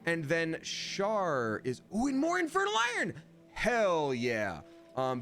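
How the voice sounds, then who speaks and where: A man's voice: mid-range voice, fairly bright tone, a little hiss or hum. A man streaming a fantasy video game, chatting casually and playfully with viewers. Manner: chatty, playful, jumps into silly voices. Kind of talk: casual livestream gaming commentary.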